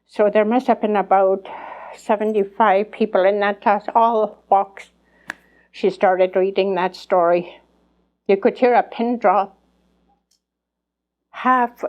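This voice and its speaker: A woman's voice: mid-range voice, fairly even intonation, slow, darkish tone. An older woman, an elder speaking at a conference, telling her life story in earnest and acting out remembered conversations. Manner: earnest, acts out remembered dialogue. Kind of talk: personal storytelling testimony.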